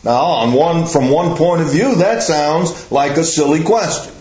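A man preaching a sermon in a slow, emphatic way, putting questions to his listeners. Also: on the high side, darkish tone. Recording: echoey room, slightly dull sound.

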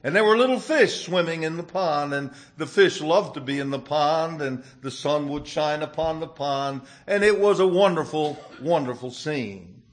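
A man preaching a sermon, telling a fable in a gentle storytelling manner before applying it to scripture. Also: on the high side, lively intonation, moderate pace, hardly any pauses.

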